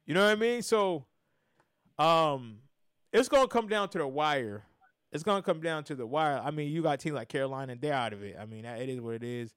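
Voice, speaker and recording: A man hosts a casual sports podcast, slightly higher-pitched than most men. He talks in animated bursts that swing from loud to soft, restarting his sentences as he goes. The sound is dry, with no room echo. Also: a little fast, smooth. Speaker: podcast host.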